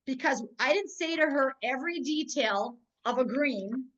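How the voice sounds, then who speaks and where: High-voiced woman, lively motivational trainer. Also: normal speed, muffled recording. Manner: lively storyteller, keeps checking in with listeners. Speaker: network marketing trainer. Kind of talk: energetic motivational teaching with stories.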